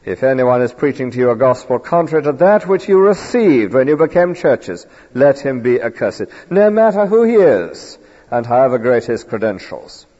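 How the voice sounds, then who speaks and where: A man's voice: medium pitch, very animated, moderate pace, warm tone. A man preaching an earnest, emphatic expository sermon in a church. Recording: dull lo-fi recording with long hall reverb.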